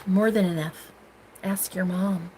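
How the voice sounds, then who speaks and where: A woman's voice: on the low side, steady tone, measured pace, slight background noise. A young American woman hosting a casual livestream, chatting to viewers with a bubbly, giggly, teasing manner. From United States. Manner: bubbly, giggly, teasing, swings between loud squeals and murmurs. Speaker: livestream host. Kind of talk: casual livestream chat reading comments.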